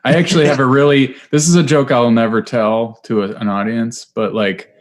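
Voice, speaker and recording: A man's voice: medium pitch, steady tone, a little fast. A man co-hosting a podcast, chatting casually and starting a thought hesitantly, with repeated words.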